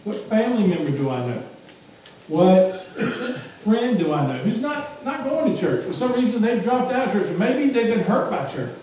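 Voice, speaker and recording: A male pastor delivers a sermon with a fairly high voice, repeating his points and asking the congregation rhetorical questions. He sounds distant from the mic. The church around him is very echoey, with a faint hum of room noise. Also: very animated, normal speed, darkish tone. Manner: emphatic, repeats phrases, asks rhetorical questions. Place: church sanctuary. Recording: echoey hall from far off.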